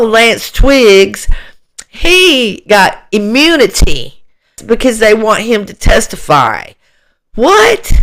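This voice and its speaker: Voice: medium pitch, a bit bright. An online commentator giving a solo opinion monologue, indignant and ranting, piling on rhetorical questions and repeating phrases for emphasis.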